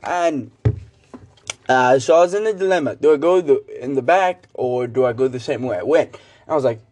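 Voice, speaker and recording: A man's voice: mid-range voice, normal speed. Rambling teenage guy telling a story. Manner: rambling, animated storytelling with many "like" fillers. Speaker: student podcaster. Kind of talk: casual solo podcast monologue.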